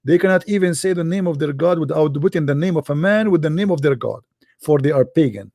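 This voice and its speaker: A man hosting a call-in show alone, taunting absent callers in broken English and sing-song repetition, often clearing his throat. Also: a little high, fast talker, a little mellow, dry recording, clean studio sound. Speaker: host of a call-in religious debate show. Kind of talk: live call-in show monologue.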